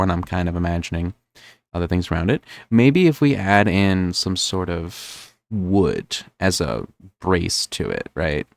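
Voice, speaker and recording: A young man with a New Jersey accent rambles through live-stream gameplay commentary in a deep, low voice. He thinks aloud, circling back with ums and likes. The sound is dry, with no room echo.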